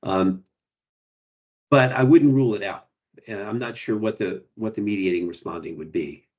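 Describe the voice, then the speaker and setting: Male academic presenter, low-pitched, halting explanations over slightly dull audio. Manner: hesitant, restarts, frequent "you know" and "right". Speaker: guest presenter. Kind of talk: academic Q&A answers.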